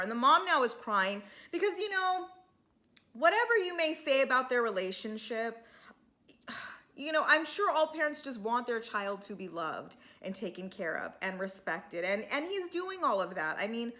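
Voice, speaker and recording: A woman's voice: a little high, sing-song, moderate pace, bright, forceful tone. A woman hosting a casual reality-TV recap, chatty and full of fillers, acting out what the people on the show said. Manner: chatty, acts out quotes. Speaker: TV recap host.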